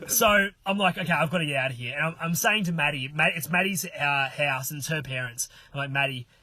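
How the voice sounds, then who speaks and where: An Australian man telling a story in casual podcast chat, animated, swearing and acting out the voices in it. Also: on the high side, fairly quick. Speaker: podcast guest.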